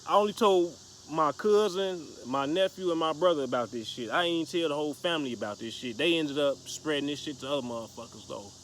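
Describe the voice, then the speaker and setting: A man's voice: a little high, fairly quick, hardly any pauses, a little hiss or hum. A man casually telling a story to the camera, profane and slangy, rambling with restarts. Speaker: vlogger.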